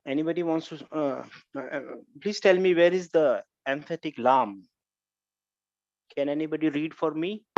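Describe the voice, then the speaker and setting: A man's voice: on the high side, moderate pace, dry recording. Man teaching a grammar class, dull sound. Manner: repeats phrases and checks on students with "huh?". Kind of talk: live online class teaching.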